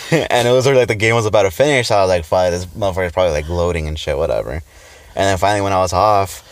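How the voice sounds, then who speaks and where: Young male podcast co-host, deep low voice, profane casual storyteller. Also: rapid-fire, dry recording. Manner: profane, storytelling, laughs often. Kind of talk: casual chat.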